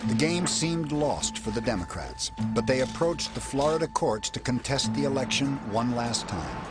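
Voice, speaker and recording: A man narrates a documentary in a measured, even scripted read. His voice is mid-pitched for a man. A clearly audible music bed runs under the voice-over.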